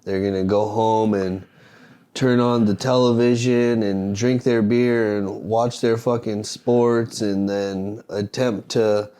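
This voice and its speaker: A man's voice: lowish voice, steady tone, takes it slowly, warm tone, smooth. A man speaking as a podcast guest, talking bluntly and profanely in a rambling, motivational way. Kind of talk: casual podcast conversation.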